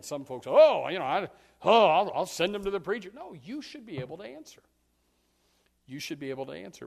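A man preaching a sermon as pastor, folksy and animated, acting out scenes. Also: high-pitched, vocal fry, in a large hall. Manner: folksy, animated, acts out yelling parents and kids.

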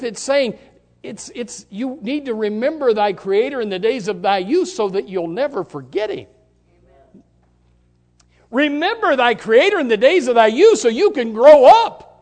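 A man preaching a sermon in a church, impassioned and rising to shouts on key words. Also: extremely high pitch. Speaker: pastor.

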